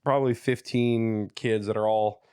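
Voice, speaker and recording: A man in his thirties, a comedian guest telling stories in lively, casual podcast chat and often checking in with "you know what I mean.". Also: fairly low pitch, moderate pace, smooth, no room sound, studio quality. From Canada, Ontario. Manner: animated storyteller who slips into voices, says "you know what I mean" often.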